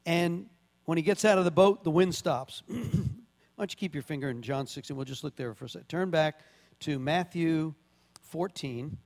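A man's voice: on the high side, moderate pace, creaky, darkish tone. A man preaching a sermon, walking listeners through scripture in a conversational way with emphatic bursts. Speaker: pastor. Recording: long hall reverb.

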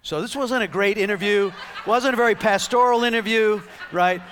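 A man delivers a sermon in a high, lively voice. He tells a story and acts out the dialogue with bursts of laughter, and his energy rises and falls as he goes. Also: normal speed, a little hiss or hum. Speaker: preacher.

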